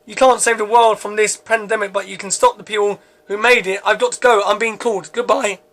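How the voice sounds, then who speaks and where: A man's voice: high-pitched, fairly quick. A man reading an urgent angel messenger. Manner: read aloud flatly from a script.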